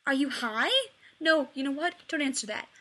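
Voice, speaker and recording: A woman reading a story aloud, voicing an irritable, sharp-tongued male scientist who bursts out loudly. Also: sits high, lively intonation, moderate pace, pitched above the performer's own voice. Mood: furious. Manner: exasperated, loud outbursts.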